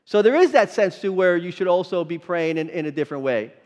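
A man's voice: high voice, lively intonation, a little fast, darkish tone. A male pastor preaching a sermon, emphatic, quizzing the congregation with rhetorical questions. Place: church sanctuary. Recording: long hall reverb.

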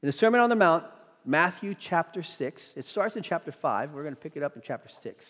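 A man with a fairly high voice preaches to his congregation from the pulpit. He speaks with emphasis and keeps checking in with his listeners through rhetorical questions. His voice rings out with a long reverb from the church sanctuary. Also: lively intonation, a little fast, fairly bright tone. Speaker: pastor. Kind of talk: sermon.

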